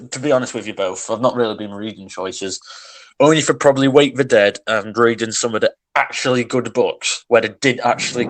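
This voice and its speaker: A man's voice: medium pitch, poor audio. Agitated man ranting. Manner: agitated, ranting, many restarts and sighs. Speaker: podcast co-host. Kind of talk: casual chat.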